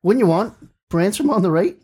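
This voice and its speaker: Slightly high-voiced man musing on hockey. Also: lively intonation, fairly quick, mellow, slightly rough. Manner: earnest, thinks aloud, restarts. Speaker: podcast co-host. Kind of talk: casual chat about hockey.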